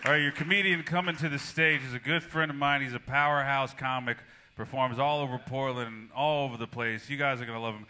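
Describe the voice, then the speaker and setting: A man's voice: medium pitch, fairly even intonation, fast talker, sharp tone, a little hiss or hum. A man hosting a live comedy show at a small venue, upbeat and hyping up the crowd. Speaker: show host.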